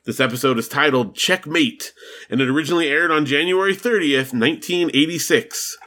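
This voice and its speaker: A man's voice: on the high side, fairly quick, sharp tone. A man hosting a podcast in casual chat, talkative and laughing easily. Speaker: podcast host.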